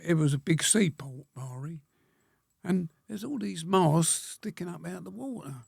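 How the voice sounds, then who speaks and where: 100-year-old man, gravelly, a bit high, plain-spoken, pauses and clears throat, reminiscing. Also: expressive, no room sound, clean studio sound. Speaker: guest, war veteran. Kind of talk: reminiscing interview answers.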